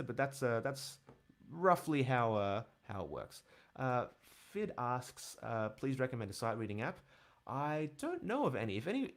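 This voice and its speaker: A man teaching bass in a casual livestream, rambling with lots of fillers as he answers questions. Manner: relaxed, rambling, many fillers, counts and scats rhythms aloud. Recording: bass guitar playing behind.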